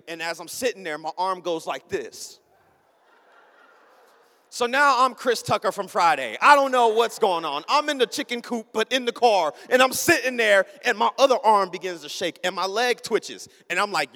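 Young male pastor, high voice, animated storytelling sermon, long hall reverb. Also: normal speed. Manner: animated, acts out the people in his story.

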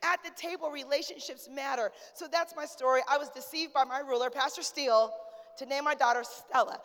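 A woman pastor in her forties, preaching a lively, conversational sermon in a church and calling out to the congregation. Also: high voice, a little fast. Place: church sanctuary. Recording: church hall with long reverb.

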